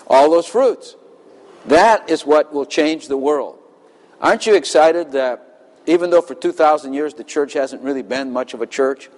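A man's voice: medium pitch, darkish tone. A man preaching a sermon, emphatic and impassioned, with dramatic readings of scripture. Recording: long hall reverb.

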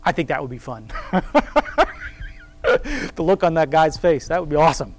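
A man reading scripture aloud slowly and then commenting on it in a loose, rambling, conversational way, laughing now and then at his own remarks. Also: fairly high pitch, darkish tone, faint music behind. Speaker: Bible study teacher. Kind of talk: casual Bible reading and commentary.

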